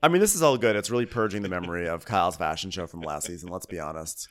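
A man's voice: very fast, crowd noise. A man co-hosting a podcast, chatting casually and acting out quotes from a reality show. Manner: animated, acts out quotes in high voices. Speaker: podcast co-host.

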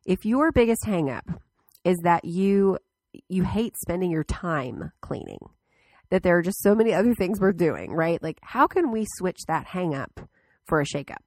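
Casting: low-pitched woman host with a congested cold voice, chatty and rambling, in a very dry close sound. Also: very animated, normal speed, a little mellow, dry recording. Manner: chatty, lots of fillers and restarts. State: stuffed up from a cold. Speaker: podcast host. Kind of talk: casual solo podcast talk.

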